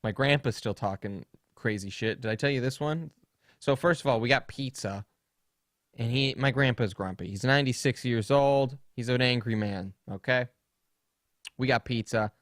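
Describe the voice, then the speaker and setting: A man's voice: medium pitch, normal speed, no echo, studio quality. A young man co-hosting a podcast, rambling through funny stories in casual chat and laughing often. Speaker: podcast co-host.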